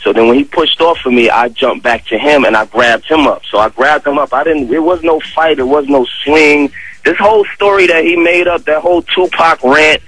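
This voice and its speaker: A man with a New York accent, a guest on a radio show, telling a story in a casual, animated way full of slang and fillers. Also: fairly high pitch, moderate pace, slight background noise, rough recording. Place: radio studio. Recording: dry radio studio.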